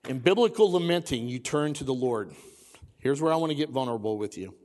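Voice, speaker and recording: A pastor giving a conversational sermon in a church, repeating his key phrases for emphasis. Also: mid-range voice. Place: church sanctuary. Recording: long hall reverb.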